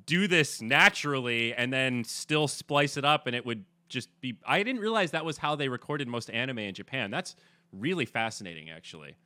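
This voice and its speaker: A man with a deep voice hosting a podcast interview, talking in a relaxed, rambling way. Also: normal speed, no room sound, studio quality. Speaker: podcast host. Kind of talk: casual interview chat.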